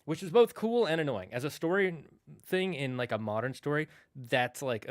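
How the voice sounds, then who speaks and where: A man's voice: on the high side, expressive, normal speed, no room sound, clean studio sound. A man streaming and chatting casually, telling old myth stories in a rambling, self-correcting way. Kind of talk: casual storytelling while streaming.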